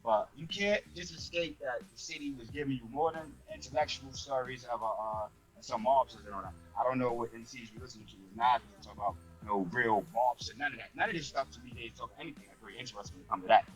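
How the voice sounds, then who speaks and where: A man's voice: mid-range voice, faint music behind, poor audio. A man with an ordinary mid-range voice talks through his view in a casual chat. He hedges and circles with fillers as he works toward his point. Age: younger than the other speakers. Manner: measured, thinks aloud with many fillers. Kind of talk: casual discussion.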